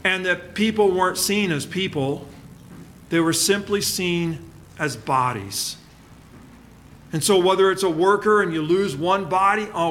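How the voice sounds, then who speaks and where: A man preaching a sermon, reading scripture dramatically and letting his voice fall to a hush on key words. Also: fairly high pitch. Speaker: pastor.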